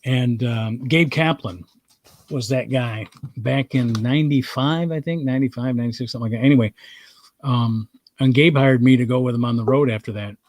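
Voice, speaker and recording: A man chats through an old road story in a loose, rambling way, mid-pitched and unhurried. The sound is dry and close, with no room around it. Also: no room sound. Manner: relaxed rambling anecdotes with fillers. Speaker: comedian host. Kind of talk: casual storytelling chat.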